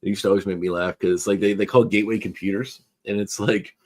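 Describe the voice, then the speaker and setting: Chatty, rambling man with a lowish voice. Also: steady tone, quick pace. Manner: rambling, chatty storyteller with frequent fillers and laughs. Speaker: podcast co-host. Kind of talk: casual chat.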